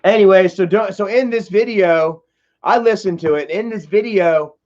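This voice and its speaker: A man's voice: high voice, normal speed, darkish tone. Rambling profane man, muffled stream audio. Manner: rambling, profane, fills with "you know" and "bro". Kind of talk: casual storytelling livestream.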